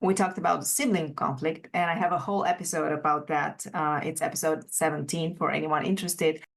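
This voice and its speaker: A woman's voice: low-pitched, fairly even intonation, brisk, gravelly. A woman hosting a parenting podcast, affirming her guest and asking questions about her own family. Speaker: podcast host. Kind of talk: casual interview chat.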